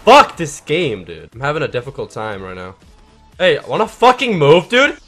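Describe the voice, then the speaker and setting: A man giving live, profane gameplay commentary, mostly laid-back and mumbling, bursting into shouts at big plays. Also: fairly high pitch, huge pitch swings, normal speed, faint music behind. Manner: profane, swears constantly. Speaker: gaming channel host.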